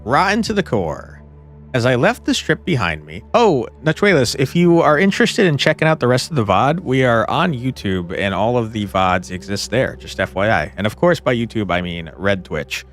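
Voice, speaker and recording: A man's voice: medium pitch, very animated, moderate pace, hardly any pauses, fairly bright tone, soft background music. A man streaming a game live, chatting playfully with viewers and reading the story text aloud.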